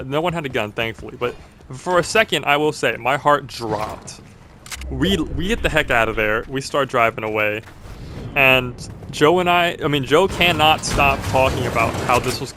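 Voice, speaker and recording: A young college-age man tells a story in a loose, casual way, stumbling and restarting as he goes. His voice sits at an ordinary pitch, and faint noise hums in the background. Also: sharp tone. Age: young adult. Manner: rambling, many "like"s and restarts. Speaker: vlogger.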